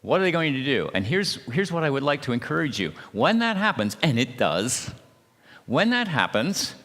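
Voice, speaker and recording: A man speaking at a church marriage seminar, talking haltingly with many restarts and checking in with his listeners by asking "okay?". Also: medium pitch, sing-song, fairly bright tone. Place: church hall. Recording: long hall reverb.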